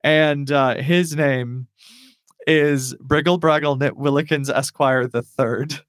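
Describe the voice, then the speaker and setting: Speaking slowly in a slightly high voice, this animated podcast host laughs a lot and leans on fillers while casually discussing tabletop role-playing characters. The studio recording is clean, with no room sound.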